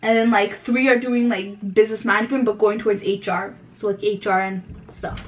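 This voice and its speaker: A woman's voice: mid-range voice, steady tone, fairly quick, lo-fi sound. A young woman from Canada hosting a casual podcast chat at home, rambling and giggly, often stumbling over her words. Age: young adult. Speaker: podcast host. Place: home room.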